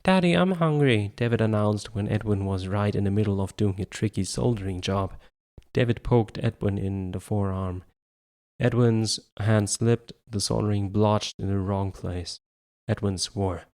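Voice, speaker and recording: A man with a low voice reads a story aloud as an amateur audiobook narrator. He often trips over words and restarts them, carrying on steadily. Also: level tone, a little slow, a little mellow. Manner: stumbles and restarts words, self-corrects. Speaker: audiobook reader.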